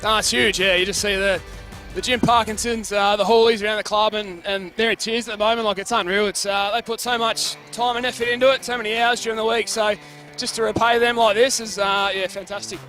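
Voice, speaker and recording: A hoarse Australian footballer with a high, bright voice that is nearly worn out. He answers post-match questions in a casual, elated way, with the odd swear. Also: fairly even intonation, fairly quick, faint music behind. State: hoarse, lost voice. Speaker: winning football player.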